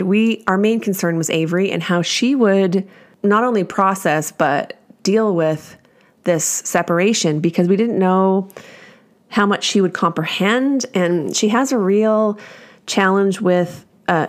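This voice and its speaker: A woman's voice: on the low side, unhurried. A middle-aged woman hosting a casual solo podcast from home, chatty and self-deprecating, laughing often as she talks. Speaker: podcast host.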